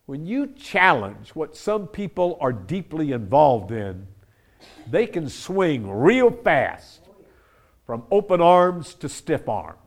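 Animated, slow-preaching male pastor. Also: fairly high pitch. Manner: expository, dramatizes quoted verses with lively emphasis. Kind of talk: sermon.

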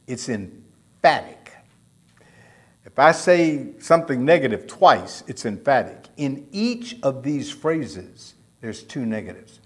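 A man preaching a sermon, emphatic, stretching out and repeating key phrases. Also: medium pitch. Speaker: pastor.

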